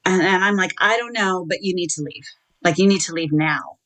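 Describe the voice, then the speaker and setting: Measured woman recounting a story, low voice. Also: a bit bright, rough recording. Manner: measured, recounting with quoted dialogue and hesitant fillers. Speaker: interview guest. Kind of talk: telling her own story in an interview.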